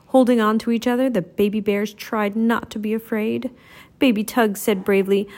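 A woman's voice: medium pitch, steady tone, normal speed, darkish tone. A woman reading a children's storybook aloud, narrating expressively. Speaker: storybook reader.

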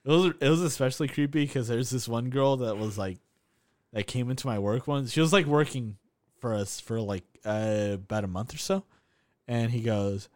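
A man's voice: medium pitch, moderate pace, a little mellow. A young man co-hosting a casual podcast, telling stories between frequent laughs and swearing. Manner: storytelling, swearing, laughing often. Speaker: podcast co-host. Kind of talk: casual chat.

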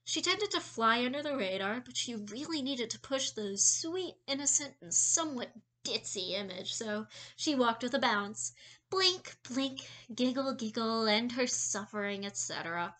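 A woman narrating a fan fiction story in a lively way, with some slips and restarts. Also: fairly high pitch, unhurried.

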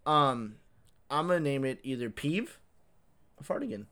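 A man's voice: medium pitch, big pitch swings, moderate pace, fairly bright tone. A man co-hosting a podcast in casual chat, joking crudely, laughing often and talking with many fillers. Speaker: podcast co-host.

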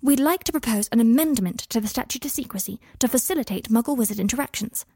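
An eager, brainy young witch who talks fast and precisely, pitched a bit higher and brighter than the narration, as a woman puts her on. She speaks in a storybook reading. The voice carries a husky edge and a dry, close sound. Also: expressive, no echo. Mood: earnest. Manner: quick, eager and precise, a little nervous. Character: brisk clever young witch, eager and organised.

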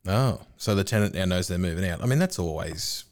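A man's voice: low-pitched, expressive, fairly quick. A man, co-hosting a podcast and telling a rambling, laughing, sweary anecdote. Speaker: podcast co-host. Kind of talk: casual chat.

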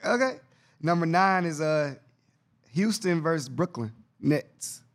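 A male podcast host rambles through a casual chat, excitable and full of slang, hammering the same points over and over as he argues. His voice is a little on the higher side, and he talks slowly.

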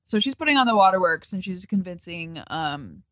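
Laughing, lively woman podcast co-host. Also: fairly low pitch, a little fast, no echo, studio quality. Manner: laughs often, swears casually, acts out film lines. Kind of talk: casual movie commentary chat.

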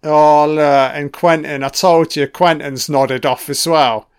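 A man's voice: fairly high pitch, steady tone, slow, clear, resonant tone. A man giving casual audio commentary on a film, with profane, sardonic running reactions.

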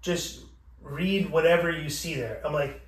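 A man with a fairly high voice tells a story in casual, foul-mouthed style, acting out every character's lines. He sits back from the mic in a bare, echoey room. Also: unhurried, far from the mic. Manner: profane, animated, acting out both sides of the exchange. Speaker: podcast host.

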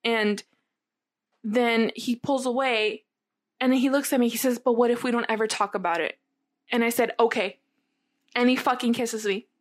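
Her voice sits a little high with a steady tone as a young adult woman chats casually about something personal. She speaks at normal speed but leaves long pauses, rambling, leaning heavily on "like," and swearing candidly.

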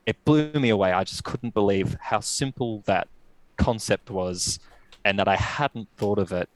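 A young man telling his story as a guest, reflective and halting with many restarts. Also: on the low side, low-quality recording. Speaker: podcast guest. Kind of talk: casual storytelling.

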